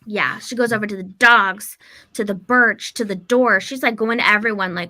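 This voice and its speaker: A woman's voice: mid-range voice, moderate pace, pushed and bright. A woman podcast host retelling a folktale in a loose, chatty way with fillers and swearing. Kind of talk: casual storytelling of folklore.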